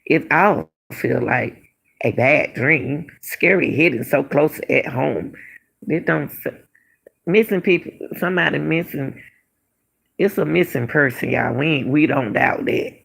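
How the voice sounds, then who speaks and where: A woman's voice: sits low, measured pace, gravelly, slightly rough. A middle-aged woman hosting a casual commentary show, emphatic and repetitive, firing off rhetorical questions. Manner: emphatic, repeats phrases, fires rhetorical questions. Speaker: commentary channel host. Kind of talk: casual commentary on a missing-person case.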